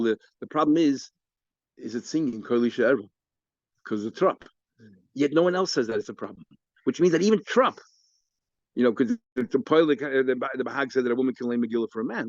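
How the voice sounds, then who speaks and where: A man's voice: a little mellow, no room sound. A rabbi rattles through a Talmud class at great speed, circling back over his own words as he explains. The recording sounds muffled and lo-fi, with a dry, close room. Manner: rapid, stop-start explaining with many repeated words and restarts; acts out the sages' exchanges with a raised, mocking pitch. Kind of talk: informal Talmud lesson. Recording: dull, lo-fi lecture recording.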